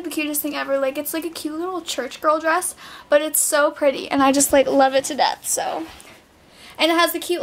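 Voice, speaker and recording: A woman's voice: sits high, slight background noise. A teenage girl chatting casually about clothes she bought, bubbly and filled with "like", a bit out of breath. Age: teens. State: slightly out of breath. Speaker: vlogger. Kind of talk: casual clothing haul chat. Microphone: camera mic.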